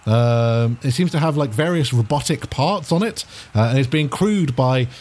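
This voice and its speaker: Game master, male, improvising a goofy race scene, very animated pitch, faint noise behind. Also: moderate pace. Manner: rambling, many fillers, laughs often. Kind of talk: improvised tabletop narration.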